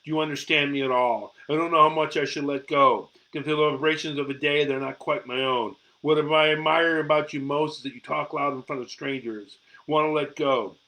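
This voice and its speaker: A man's voice: fairly high pitch, fairly even intonation, brisk, hardly any pauses, pushed and bright, rough recording. A middle-aged man giving a live-streamed reading of his own poetry, with raw, intense delivery and free swearing, into a phone or webcam held close. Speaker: amateur poet and show host.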